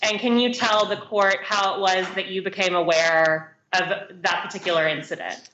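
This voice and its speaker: A woman prosecutor questioning a witness in a brisk, formal way. Her voice sits at a middle pitch. The courtroom stream sounds roomy and muffled, with faint hiss. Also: fairly even intonation, fairly bright tone.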